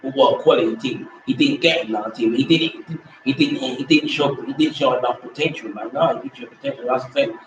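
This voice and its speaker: A man's voice: medium pitch, fairly quick, hardly any pauses, lo-fi sound, a little hiss or hum. A man hosting a casual football rant, rambling, repeating himself and dismissing players in slang. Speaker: host. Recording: echoey room from far off mic.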